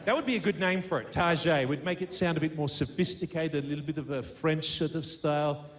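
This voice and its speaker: A man's voice: fairly high pitch, quick pace. A man from Australia with an Australian accent, telling upbeat self-deprecating comic stories and laughing at his own jokes. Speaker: comedian impressionist. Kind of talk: stand-up storytelling. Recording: live studio audience noise.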